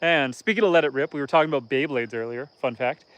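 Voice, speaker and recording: Canadian man, thirties, relaxed rambling livestream chat, smooth and dry close sound. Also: medium pitch, fast, dry recording. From northern Canada. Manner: easygoing and rambling, reads viewer comments aloud. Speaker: homesteading livestream host. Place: outdoors on a homestead.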